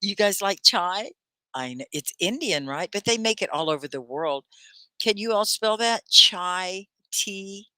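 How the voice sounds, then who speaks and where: A woman's voice: mid-range voice, expressive, moderate pace, a bit bright, no echo. Upbeat chatty woman teaching English live. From Texas, United States. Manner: chatty, upbeat, laughs often, asks viewers questions. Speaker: ESL teacher hosting a live class. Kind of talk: live online English lesson, reading viewer comments.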